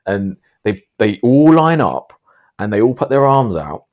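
A man hosting a podcast, telling a long story in a rambling, animated way. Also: on the low side, measured pace. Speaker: podcast host. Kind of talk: casual podcast chat.

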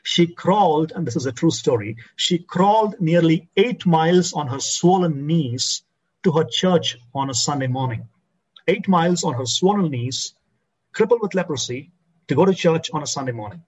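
A man preaching a sermon as a pastor, slowing and dropping his voice low to stress key phrases. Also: expressive, breathy edge, rough recording.

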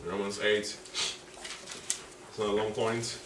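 A man preaching a sermon in a church, animated and dramatic, repeating key phrases and drawing responses from the congregation. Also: on the low side, takes it slowly. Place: church hall. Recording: echoey hall, distant mic, background noise.

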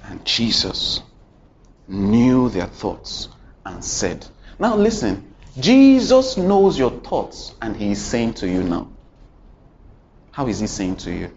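A man preaches a sermon, his voice leaping up and down in pitch as he tells a story. He keeps turning to the congregation with questions and repeated lines. The recording is dull and lo-fi, with faint ambience underneath. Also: huge pitch swings, slow, gravelly, a little hiss or hum. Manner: dramatic storytelling with sudden swings in pitch and loudness; addresses the congregation directly with questions and repetition.

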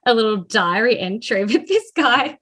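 A woman's voice: on the high side, lively intonation, moderate pace, fairly bright tone, husky. A woman co-hosting a podcast, talking enthusiastically in casual chat and laughing often. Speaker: podcast co-host.

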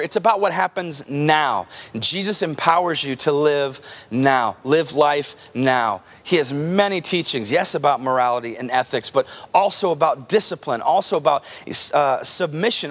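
A man's voice: fairly bright tone, slightly rough. Emphatic male pastor preaching. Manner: emphatic, rising to high intensity at key points; repeats words when building emphasis. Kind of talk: sermon.

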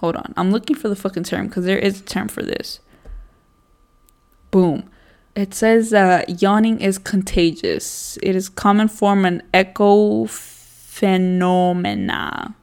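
A young woman co-hosts a casual podcast, her mid-range voice animated yet slow-paced, with a darkish, clean tone. She swears freely and says "like" constantly as she chats.

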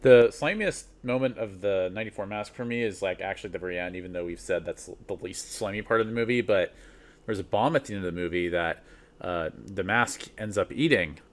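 A man's voice: sits low, fairly quick. A man on a film podcast, casually retelling scenes he remembers. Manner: storytelling, recounting scenes. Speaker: podcast co-host.

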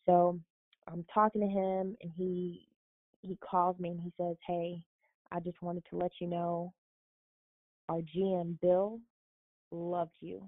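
Young woman guest from Florida, casual storyteller, slightly low voice, tinny phone-line sound. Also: takes it slowly, pauses often, no room sound. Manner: animated, quotes others, laughs often.

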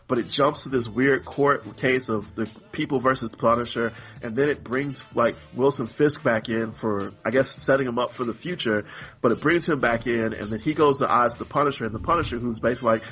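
A man's voice: medium pitch, fairly quick, fairly bright tone, soft background music. A man co-hosting a podcast in casual chat, rambling and exasperated, acting out characters in mock voices. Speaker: podcast co-host.

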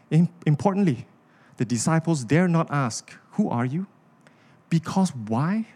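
A man's voice: on the high side, expressive, unhurried, pauses often, a little mellow. A man, preaching a sermon with an impassioned, repetitive cadence. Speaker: pastor.

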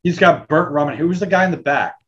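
A man's voice: a little high, a little fast, fairly bright tone, dull audio. A man co-hosting a podcast, chatting casually and trading crude jokes. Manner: crude, joking banter. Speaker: podcast co-host. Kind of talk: casual chat.

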